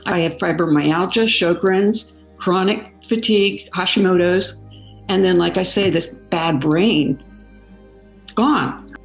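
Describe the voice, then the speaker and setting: A woman giving an excited, enthusiastic testimony. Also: on the low side, takes it slowly, gravelly. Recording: roomy sound with faint music.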